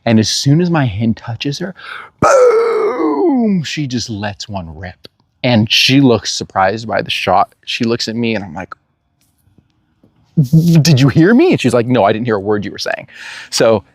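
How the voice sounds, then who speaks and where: Animated man telling a hunting story. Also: on the low side, normal speed, no echo, studio quality. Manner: animated storyteller, laughs and acts out quotes. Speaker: hunter telling a hunt story. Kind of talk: casual storytelling.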